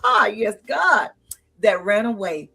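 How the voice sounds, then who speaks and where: A woman's voice: medium pitch, expressive, takes it slowly, vocal fry, pushed and bright, breathy edge. A woman hosting a talk show, emotional and exclamatory with her guests.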